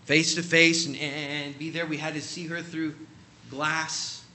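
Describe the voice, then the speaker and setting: Male preacher, storytelling sermon, very bright and tense voice, slightly high, emphatic delivery. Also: little pitch movement, unhurried, slight background noise. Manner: emphatic, acts out quoted voices.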